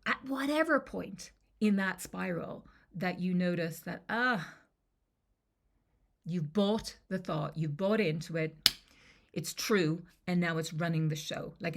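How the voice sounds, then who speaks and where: A woman's voice: on the low side, takes it slowly. A woman confidence coach teaching a lesson to camera in a conversational way, often checking in with the listener.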